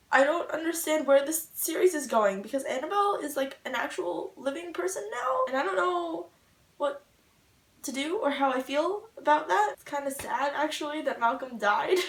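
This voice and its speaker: A woman's voice: high voice, expressive, normal speed, creaky, recorded from a distance. A young woman vlogging her reaction to a book, rambling and emotional with lots of "like", recorded at home on a camera mic. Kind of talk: casual book reaction vlog. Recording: echoey room, voice a little off-mic.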